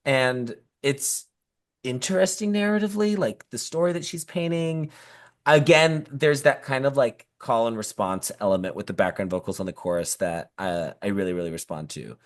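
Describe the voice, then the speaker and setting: At a moderate pace, a woman with a rumbling low voice co-hosts a pop music podcast. Her talk is casual, chatty, and enthusiastic, sprinkled with many fillers.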